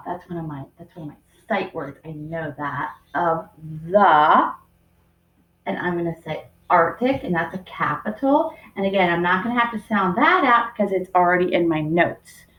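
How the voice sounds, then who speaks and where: A woman teacher giving a remote writing lesson to young children, speaking slowly and sounding out each word as she writes, recorded on a computer microphone. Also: on the low side, muffled recording. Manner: slow and deliberate, sounding out words while writing. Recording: roomy echo.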